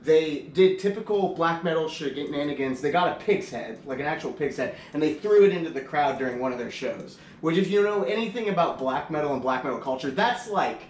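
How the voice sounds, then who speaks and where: A man's voice: on the high side, expressive, brisk, few pauses. A young man chatting casually on a podcast, laid-back and swearing freely as he tells stories. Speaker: podcast host. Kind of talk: casual chat. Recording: echoey room, from a distance, faint hiss.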